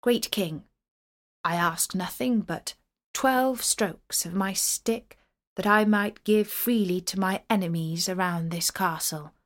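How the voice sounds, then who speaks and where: A woman's voice: medium pitch, slow pace, natural voice. A woman voicing a poor, humble medieval knight who speaks politely and pleadingly. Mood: calm.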